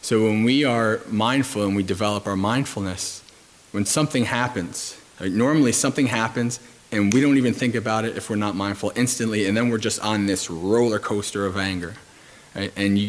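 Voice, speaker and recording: Lower-voiced man giving a Dhamma talk. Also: normal speed. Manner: calm storytelling with frequent fillers and restarts.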